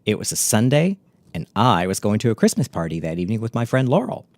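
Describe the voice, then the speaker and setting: A middle-aged man telling a memoir story in a wry, catty, deadpan way. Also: fairly low pitch, fast talker.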